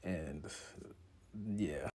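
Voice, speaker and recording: A young man casually recapping a manga chapter in slangy, profane talk, jumping into character voices in excited bursts. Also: a bass voice, extremely slow. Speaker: content creator recapping a manga.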